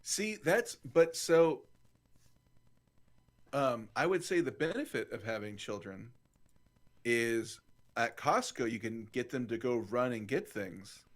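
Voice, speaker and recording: A man's voice: mid-range voice, lively intonation, slow pace, long pauses. A man co-hosting a casual online group chat, playful and teasing. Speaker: co-host. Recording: video call audio.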